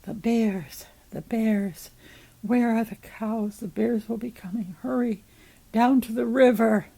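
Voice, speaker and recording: A woman's voice: medium pitch, normal speed, gravelly, a little mellow. A woman voicing a disembodied talking head with a metallic, insistent way of giving urgent commands, in a read-aloud story. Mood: frantic.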